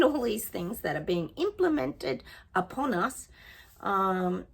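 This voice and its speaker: Chatty woman, gravelly voice. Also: fairly low pitch. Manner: chatty, sings song snippets, trails off. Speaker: psychic. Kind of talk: casual psychic reading monologue.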